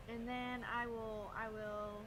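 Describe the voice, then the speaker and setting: A woman playing a tabletop game, hesitant and thinking aloud about her moves. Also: a little high. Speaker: player. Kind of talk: casual tabletop play.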